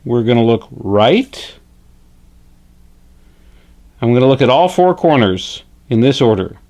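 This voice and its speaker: A man gives Frederick, a friendly male hand puppet, a slightly mellow mid-range voice with big pitch swings. On camera, Frederick teaches puppetry basics in an instructive, chipper way, slow and deliberate and fond of adding "eh?".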